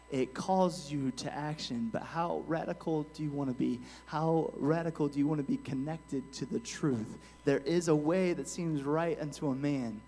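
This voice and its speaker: Earnest preaching man, slightly high voice. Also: slight background noise. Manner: earnest, builds from quiet storytelling to forceful preaching; frequent restarts and "amen" asides. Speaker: guest pastor. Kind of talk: sermon with storytelling.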